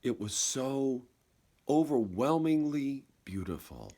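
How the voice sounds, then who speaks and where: A man telling a personal story in a slow, reflective way, halting and repeating words and dropping softer at key moments. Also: medium pitch, very animated. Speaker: speaker.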